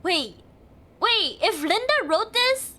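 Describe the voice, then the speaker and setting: High lively giggly female streamer. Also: slow. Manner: chatty and thinks aloud, giggly. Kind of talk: casual live game commentary.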